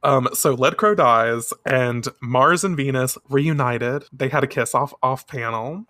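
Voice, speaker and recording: A man's voice: mid-range voice, measured pace, sharp tone, dry recording, clean studio sound. A man co-hosting a casual podcast chat, retelling a story dramatically and swearing freely. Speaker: podcast co-host.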